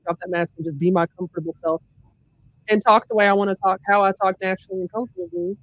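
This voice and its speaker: A woman's voice: medium pitch, fairly even intonation, rapid-fire, fairly bright tone, no room sound, dull audio. A woman with a thick Southern US accent talking candidly and emphatically as a podcast guest. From Memphis, USA. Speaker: podcast guest, lawyer and comedian. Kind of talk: casual interview talk.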